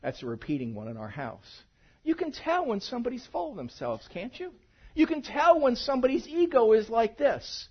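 A man preaches a sermon in a church, chatty and animated, working humor in among the teaching. His husky voice swings widely up and down as he builds to loud points and drops back low. The recording is dull and lo-fi. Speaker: pastor. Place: church sanctuary.

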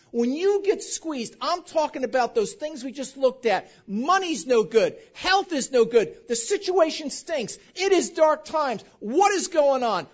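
Pastor guy preaching, keeps asking the crowd questions, muffled lo-fi recording. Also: extremely high pitch. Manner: animated, quizzes the congregation with call-and-response questions. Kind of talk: sermon. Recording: dull lo-fi recording.

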